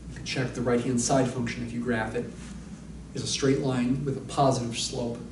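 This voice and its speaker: A man's voice: medium pitch, little pitch movement, moderate pace, recorded from a distance, background noise. A man lecturing on mathematics, explaining step by step and thinking aloud with asides. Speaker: math lecturer. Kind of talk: recorded university lecture. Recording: echoey room, voice a little off-mic.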